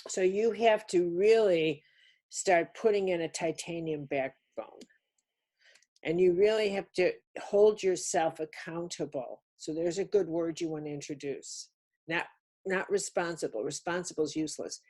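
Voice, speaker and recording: A woman's voice: fairly low pitch, measured pace, darkish tone. An older woman giving a spiritual teaching talk on a webinar, emphatic and insistent, repeating key words. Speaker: speaker on a webinar.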